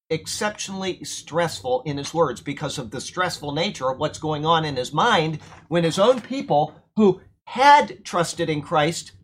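A man delivers a verse-by-verse sermon, talking through scripture in a loose, conversational way and pressing his points with emphasis. His voice sits a little high for a man. A faint noise runs under the recording. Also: fairly bright tone. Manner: conversational, emphatic, checks in with listeners. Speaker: preacher teaching from Bible.

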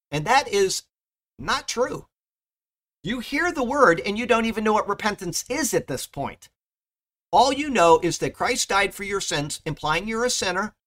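A male pastor with a high-sitting, sharp-toned voice teaches a Bible study verse by verse. He's emphatic, his voice rising sharply on key points, and he keeps checking in with the class by repeating "okay?"

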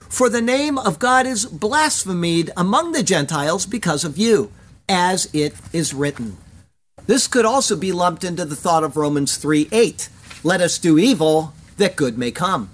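A Bible teacher delivering a verse-by-verse commentary in a measured, deliberate cadence. He leans on key words for emphasis and carefully sounds out Hebrew phrases between the scripture readings. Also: medium pitch, expressive.

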